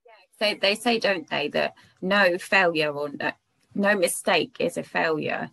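A woman hosts a podcast in a lowish, gravelly voice, recorded dry and close. She is chatty and enthusiastic, tagging her remarks with little questions. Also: measured pace, a bit bright, dry recording. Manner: chatty, enthusiastic, asks "don't we" tags. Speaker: podcast host. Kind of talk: casual podcast conversation.

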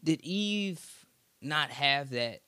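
A man's voice: fairly high pitch, animated, extremely slow, clear, resonant tone, dry recording. A man co-hosting a casual talk, affirming his partner and asking thoughtful questions, on a dry close mic. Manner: warm affirming listener, asks thoughtful questions. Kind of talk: casual conversation.

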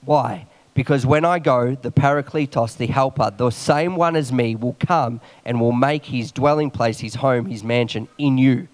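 A man preaching a morning sermon quickly, reading scripture aloud and adding quick asides and jokes. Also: mid-range voice.

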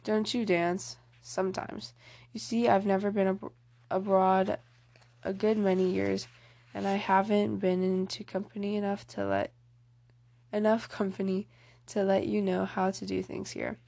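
A woman's voice: mid-range voice, flat delivery, a little slow, gravelly, warm tone. A woman reading aloud as a polite, good-natured teenage boy in a storybook, barely changing her own voice.

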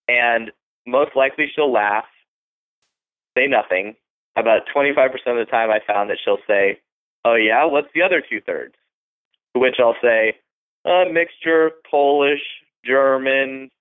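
A fairly low-voiced man gives blunt, profane dating advice in a loose, casual monologue. He keeps dropping into quick acted-out pickup lines. The sound is thin and narrow, like it comes through a phone line. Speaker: podcast host giving dating advice.

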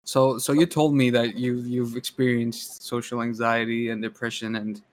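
A man's voice: mid-range voice, flat delivery, moderate pace. A young man from Pakistan, a podcast guest, who chats casually, swears freely and says "yeah" a lot. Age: young adult.

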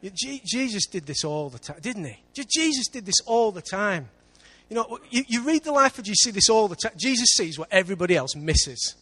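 A man with an English accent preaching a sermon in church, lively, with big swings between loud and quiet. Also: high voice, fairly quick, few pauses. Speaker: pastor.

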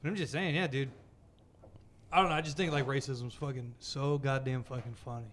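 A man's voice: mid-range voice, fairly even intonation, brisk, fairly bright tone, slight background noise. A man in casual chat, telling stories full of swearing and laughter. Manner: profane, laughing storyteller.

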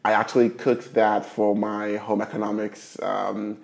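A man's voice: on the low side, a little slow, gravelly. Chatty young Nigerian man hosting. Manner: animated, chatty, lots of fillers. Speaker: podcast host. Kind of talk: casual chat.

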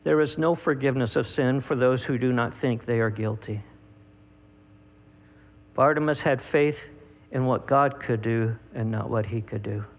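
A man preaching a sermon, speaking to his listeners directly and stressing key words by drawing them out, with sharp rises and drops. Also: medium pitch, moderate pace. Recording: long hall reverb.

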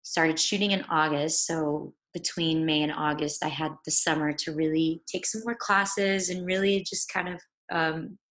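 A young woman actor in an interview, telling a personal story in a halting way with many restarts, at times tearful with her voice breaking. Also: sits low, fairly even intonation, fairly bright tone. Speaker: actor guest.

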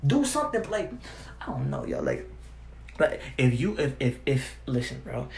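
A man's voice: mid-range voice, wildly swooping pitch, normal speed, creaky. A young man giving a heated, profane monologue, full of repeated "bro" and restarts. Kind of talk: ranting monologue to camera. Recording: roomy echo with faint ambience.

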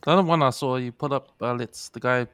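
NZ co-host who leads the segments, chatty, dry close mic. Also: male voice, medium pitch, quick pace, fairly bright tone, clear, resonant tone, no echo. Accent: New Zealand. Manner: chatty, steers the topics, laughs often. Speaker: podcast co-host. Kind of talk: casual chat.

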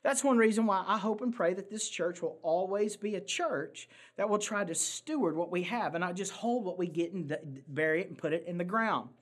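A man's voice: high-pitched, brisk, few pauses. Earnest preaching man. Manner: earnest preaching with emphatic repetition and rhetorical questions. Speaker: pastor. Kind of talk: sermon.

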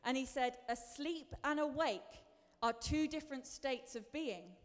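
A woman's voice: high-pitched, measured pace. A woman preacher giving a sermon in a chatty, self-deprecating way, building to emphatic bursts. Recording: long reverb of a large hall.

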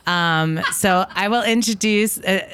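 A woman's voice: mid-range voice, slow pace, noisy background. A woman hosting a casual podcast chat outdoors at her house, bubbly and laughing often. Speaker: podcast host.

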